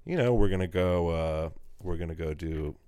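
A man's voice: low voice, normal speed, mellow, clean tone. A young man, a comedian guest on a podcast, chatting casually and modestly from a couch in an apartment. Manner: modest, laughing, rambling storytelling. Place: apartment living room on a couch.

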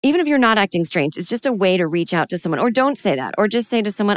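A woman's voice: mid-range voice, sing-song, a little fast, no echo. A woman talking alone into a microphone, giving candid, self-deprecating advice in a chatty, casual way. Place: alone, recording at home.

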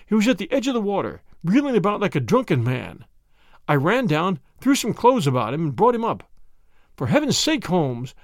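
A man's voice: high-pitched, dry recording, studio quality. A man voicing a distraught middle-aged schoolmaster who pleads urgently in a storybook.

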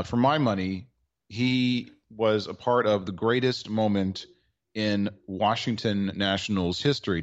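Man, podcast co-host, wry rambling storyteller, lowish voice, slightly dull sound. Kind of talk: casual sports chat.

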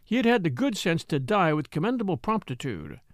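Expressive male audiobook narrator. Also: sits high, a little fast, no room sound, clean studio sound. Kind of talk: scripted narration.

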